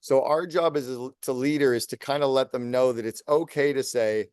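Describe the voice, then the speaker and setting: A man in his late fifties, a business coach speaking as a podcast guest, talking fast and energetically in long lists. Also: mid-range voice, no echo, studio quality. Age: 50s. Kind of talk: podcast interview.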